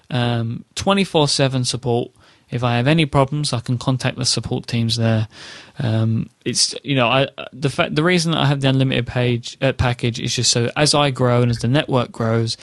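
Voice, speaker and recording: A man's voice: medium pitch, no room sound, clean studio sound. A man hosting a podcast, reading a sponsor ad in a chatty, enthusiastic way with many fillers. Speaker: podcast host. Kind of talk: casual podcast chat with ad read.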